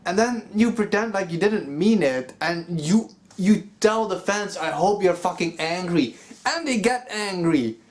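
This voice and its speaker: Guy venting on his vlog, swearing a lot, kinda high voice, keeps saying you know. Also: expressive, a little slow. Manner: profane, exasperated, lots of filler like 'you know'. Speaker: metal vlogger. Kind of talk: angry commentary rant.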